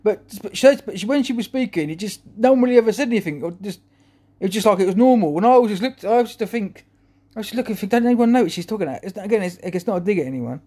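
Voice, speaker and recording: A man's voice: high voice, expressive, fast talker, dark tone. A man talking to camera in a rambling, chuckling monologue full of restarts. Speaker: vlogger.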